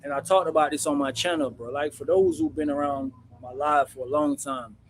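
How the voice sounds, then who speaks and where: Male host, husky and slightly high-pitched, animated slangy storyteller talking to camera. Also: brisk. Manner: slangy, animated, peppers speech with "bro" and "man". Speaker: channel host recounting prison life.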